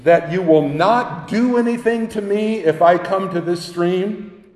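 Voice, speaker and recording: A man's voice: high-pitched, measured pace, a little mellow, pitched above the performer's own voice. A frightened, thirsty young girl from a storybook, cautious and pleading, as a preacher puts her on. Her lines rise anxiously in an echoey hall with a long reverb.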